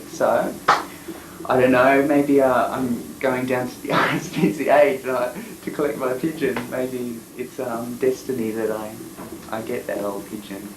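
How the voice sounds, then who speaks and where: A man's voice: mid-range voice, little pitch movement, measured pace, reverberant, noisy background. A man who works as a freelance photographer, telling a story in a chatty, rambling way in an interview. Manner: rambling, chatty, with frequent fillers and laughs. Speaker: freelance photographer and documentary maker.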